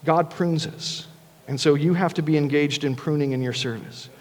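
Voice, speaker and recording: A man's voice: a little high, moderate pace, a little mellow, in a large hall. A man preaching a sermon as pastor, earnest and conversational, often restarting his words. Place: church sanctuary.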